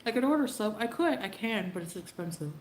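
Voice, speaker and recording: A woman's voice: medium pitch, animated, a little fast. A woman chatting casually on a livestream, laughing and greeting viewers by name. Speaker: livestreamer in a played clip. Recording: echoey room with faint background noise.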